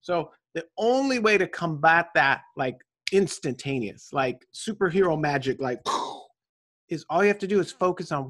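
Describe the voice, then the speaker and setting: Upbeat motivational man, slightly high voice. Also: moderate pace. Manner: energetic, preachy, tag questions. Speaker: guest. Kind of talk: motivational conversation.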